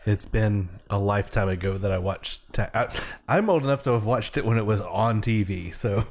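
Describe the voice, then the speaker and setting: Animated middle-aged man joking. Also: lowish voice, moderate pace, a little hiss or hum. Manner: joking, laughs often. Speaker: podcast co-host. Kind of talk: casual chat over a movie watch party.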